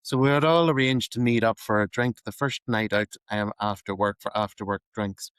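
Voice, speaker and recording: A man's voice: on the low side, fairly even intonation, normal speed, fairly bright tone, smooth, no echo, low-quality recording. Chatty Northern Irish man, dry sound. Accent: Newry, Northern Irish. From Northern Ireland. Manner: chatty storyteller, laughs often, many ums. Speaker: podcast co-host. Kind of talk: casual chat.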